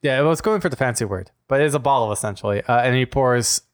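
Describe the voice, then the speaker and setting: Male game master, easygoing narrator, halting casual delivery. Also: medium pitch. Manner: casual, hesitant, many fillers and laughs.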